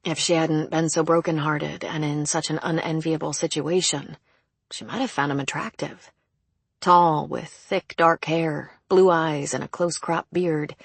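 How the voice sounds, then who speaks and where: A woman narrating an audiobook in a measured, even storytelling manner on a close mic. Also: deep voice, vocal fry, slightly rough, no echo.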